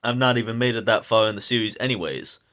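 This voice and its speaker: Hoarse casual man rambling a review. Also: on the low side, quick pace, a bit bright. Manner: rambling, filler-heavy, casual slang. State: hoarse, a little sick. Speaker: video reviewer. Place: indoors at home.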